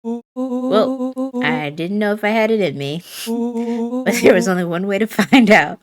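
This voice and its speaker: A woman's voice: fairly high pitch, lively intonation, a little slow, music in the background. A woman streamer reading game character dialogue aloud in a playful way, changing her voice for each character. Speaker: let's play streamer.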